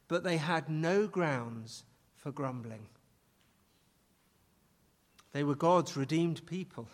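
A man preaches in a slow, measured, fairly high voice, and he leans hard on his key words and repeats them. His voice rings out with a long reverb, as in a large church. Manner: emphatic, repeats key phrases for stress. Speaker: pastor. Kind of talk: sermon.

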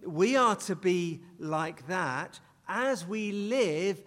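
A man's voice: high-pitched, lively intonation, extremely slow, fairly bright tone. A man preaching a sermon, stressing and repeating key phrases as he leads his listeners through the text. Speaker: pastor. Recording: long reverb of a large hall.

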